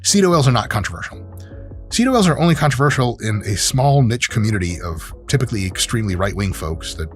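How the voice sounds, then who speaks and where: A man's voice: medium pitch, very animated, fairly quick, faint music behind. A man who is a sport science professor, commenting brashly and with profanity in a video review.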